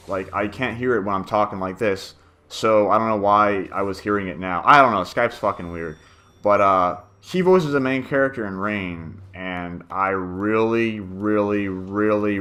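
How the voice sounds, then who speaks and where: A man's voice: on the low side, fairly bright tone. A man talking through a game walkthrough in a rambling, chatty way, swearing casually as he goes. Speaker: gameplay commentator.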